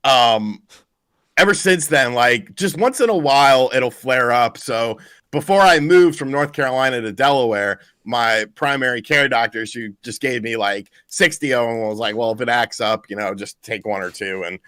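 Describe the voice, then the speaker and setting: A man's voice: mid-range voice, normal speed, dry recording. A man co-hosting a podcast, telling a long anecdote in casual chat, acting out each person in it and swearing freely. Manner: animated storyteller who acts out the people in his stories, swears freely. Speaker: podcast co-host.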